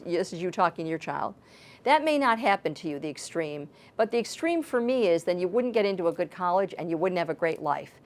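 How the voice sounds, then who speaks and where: Lady life coach, lowish voice, earnest, walks you thru examples. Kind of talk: advice talk.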